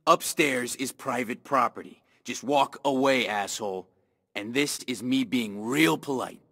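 A man's voice: mid-range voice, measured pace, vocal fry, sharp tone, dry recording, clean studio sound, big-room sound, heavily acted. A man voicing a hostile guard in a video game, threatening an intruder. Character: aggressive male guard shouting at an intruder.

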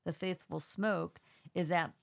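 A woman's voice: on the low side, fairly even intonation, takes it slowly, gravelly, no echo. A woman co-hosting a podcast with a congested voice, reading an article aloud with small stumbles and brief asides. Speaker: podcast co-host.

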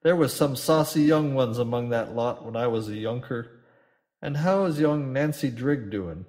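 A man's voice: mid-range voice, normal speed, darkish tone, lightly acted. A man voicing a brawling, volatile older pirate captain who bellows and swears French oaths. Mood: reminiscing.

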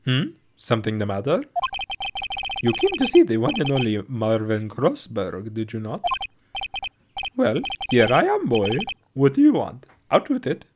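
A man's voice: mid-range voice, huge pitch swings, moderate pace, few pauses, heavy background noise, pitched above the performer's own voice. A man voicing a pompous older male lawyer in a blustery, theatrical way while reading game dialogue aloud.

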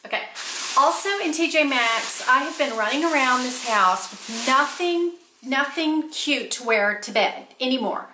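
A woman's voice: high voice, expressive, unhurried, noisy background. A woman chatting to camera in her home office, gushing over the things she bought. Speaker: vlogger showing purchases. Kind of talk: casual haul chat to camera. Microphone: camera set on a small table. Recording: echoey room.

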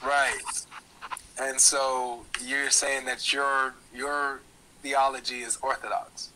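A man's voice: mid-range voice, little pitch movement, slow, pushed and bright, rough recording. A man in a casual debate, easygoing and saying "bro" often. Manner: easygoing, says bro a lot.

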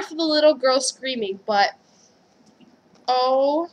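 A young woman chatting casually in a vlog, gushing and squealing with excitement over gifts. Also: high-pitched, a little slow, long pauses. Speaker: vlogger.

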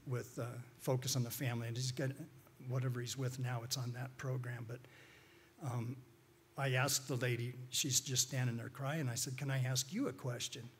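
Guest speaker, male, husky, folksy and rambling storyteller. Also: mid-range voice. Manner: folksy, rambling, frequent restarts and fillers. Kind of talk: informal church talk with storytelling.

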